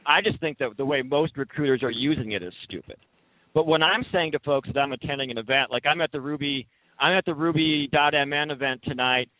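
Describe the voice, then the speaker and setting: A man's voice: a little high, brisk, no echo. A man on a recruiting panel, emphatic and argumentative, often cutting in on others. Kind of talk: lively panel discussion. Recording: dry, thin phone-like sound.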